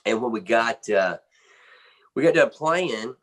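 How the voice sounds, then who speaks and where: A man, a band's drummer, telling a backstage story in an animated, casual way, full of "man" and "you know.". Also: mid-range voice, slow. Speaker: band drummer interviewed.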